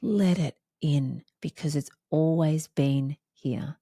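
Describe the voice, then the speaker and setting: A woman's voice: low voice, slow pace, dark tone, no echo, clean studio sound. A woman hosting a reflective solo podcast, talking in an emphatic, repetitive, heartfelt way. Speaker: podcast host.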